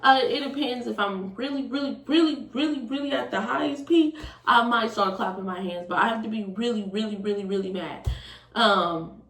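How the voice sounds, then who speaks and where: A young woman in her twenties telling a storytime, casual and animated, swearing often. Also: fairly high pitch, normal speed. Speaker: vlogger. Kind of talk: storytime vlog. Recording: roomy, distant from the mic.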